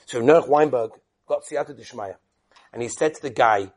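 A man giving a storytelling talk to yeshiva students, acting out each character with lively shifts. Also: medium pitch, fairly quick, slightly rough. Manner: animated storyteller who acts out each character.

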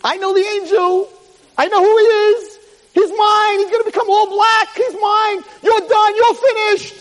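A man's voice: extremely high pitch, fairly even intonation, a little slow, a bit bright, long reverb tail, voice pushed up. A man voicing a gloating male demon angel who taunts his victim, told in a preacher's story. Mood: taunting. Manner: taunting, sneering.

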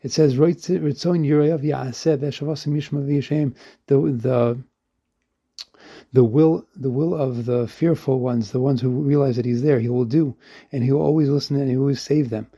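Husky-voiced rabbi giving a Torah talk. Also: male voice, mid-range voice, fairly even intonation, mellow. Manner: earnest, halting restarts, mixing Hebrew quotes with English. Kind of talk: Torah lesson.

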